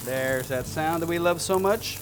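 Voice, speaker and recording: A man's voice: fairly high pitch, unhurried, noisy background. A man hosting a cooking show, chatting upbeat to the viewer as he cooks. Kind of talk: casual cooking demonstration. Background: sizzling pan and background music.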